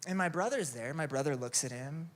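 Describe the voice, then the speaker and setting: A pastor with a fairly high, brisk voice preaches a sermon, telling stories animatedly and posing rhetorical questions.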